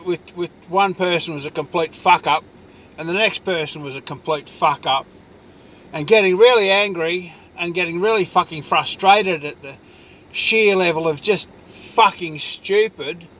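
Guy with a pretty high voice going off on an angry sweary rant, rambly, lots of you know. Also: a little slow, sharp tone. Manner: angry, profane ranting with many fillers. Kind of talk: rambling personal monologue.

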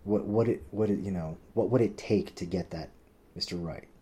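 Low-voiced man telling a rambling story. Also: normal speed, mellow. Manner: rambling, swears a lot, heavy use of "like"; acts out quoted people with pitch jumps. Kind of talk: casual storytelling.

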